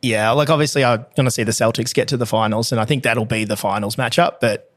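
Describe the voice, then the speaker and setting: An Australian man talks as a podcast guest, dry and understated. His voice sits at a middle pitch, and he speaks in an easy, laid-back way. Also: steady tone, fast talker, a bit bright. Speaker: podcast guest, barista trainer. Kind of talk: casual podcast chat.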